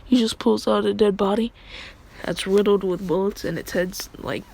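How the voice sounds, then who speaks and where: A woman's voice: mid-range voice, steady tone, moderate pace, gravelly, a little mellow, slight background noise. A woman casually retelling a fan story in a rambling, crude way, often breaking into laughs.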